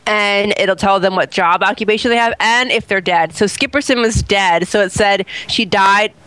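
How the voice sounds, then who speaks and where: A woman's voice: medium pitch, moderate pace, a bit bright, clear, resonant tone, no room sound, rough recording. A woman with a slight lisp, co-hosting a podcast in rambling, casual chat. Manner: chatty, rambling, with restarts and giggles. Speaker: podcast co-host.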